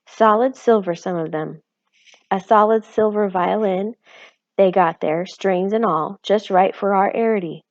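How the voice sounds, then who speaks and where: A woman's voice: measured pace, no echo, muffled recording, lightly acted. A woman reading aloud and voicing an anxious, fussy tiny mother who talks in a worried, exclaiming way. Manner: worried and exclaiming, raised pitch. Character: anxious fussy tiny mother, middle-aged, sharp-tongued.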